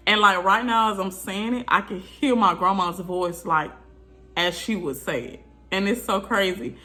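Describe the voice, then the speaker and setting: A woman vlogger casually shares her birth story with viewers, animated and chatty, often turning aside to address the audience. Her voice is mid-range and her speed normal.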